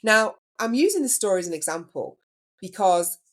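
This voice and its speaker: Woman podcast host, animated pitch, mid-range voice, chatty storyteller, asks the listener questions. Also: normal speed. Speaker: podcast host and business coach. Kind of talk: solo podcast monologue.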